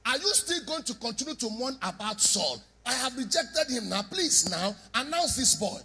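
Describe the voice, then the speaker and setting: A man voicing God as an impatient male figure who loudly begs a prophet to act. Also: extremely high pitch, sing-song, moderate pace, slightly rough, voice pushed up, heavily acted. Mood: pleading. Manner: loud, pleading, insistent.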